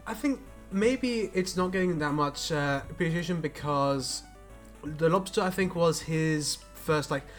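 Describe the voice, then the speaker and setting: A man's voice: on the high side, a little slow, faint music behind. A man co-hosting a film podcast, joking casually with hesitant restarts. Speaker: podcast co-host. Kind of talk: casual chat about films.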